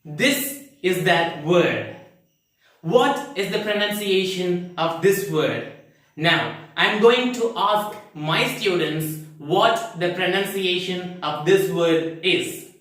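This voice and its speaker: Slow, deliberate male English teacher. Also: high-pitched, lively intonation, fairly bright tone. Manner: asks rhetorical questions and answers them himself; careful, deliberate explaining. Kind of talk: online pronunciation lesson. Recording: very echoey room, mic far off.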